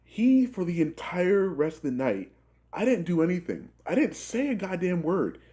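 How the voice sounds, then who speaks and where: A young man in his twenties telling a rambling, profane work story in a casual, animated way, full of filler words. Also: high voice, normal speed. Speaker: gaming channel host telling a story.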